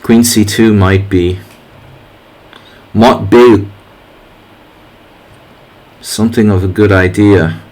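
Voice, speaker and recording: A man's voice: low voice, fairly even intonation, moderate pace, a little mellow. A man commentating his own online chess games to viewers in a jokey, casual way, teasing opponents with playful asides. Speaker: chess streamer. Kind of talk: casual commentary while playing.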